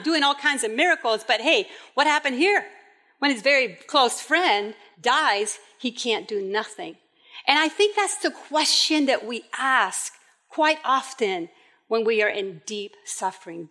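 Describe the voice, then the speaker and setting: A woman preaching a sermon, telling the story in a lively way and acting out the quoted voices. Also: high-pitched, normal speed.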